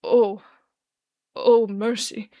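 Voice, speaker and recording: A woman's voice: on the high side, steady tone, measured pace, a little mellow, dry recording, clean studio sound. A woman voicing a drunken, grieving man who slurs, stammers and weeps through his words. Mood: sobbing. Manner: slurred, tearful, stammering.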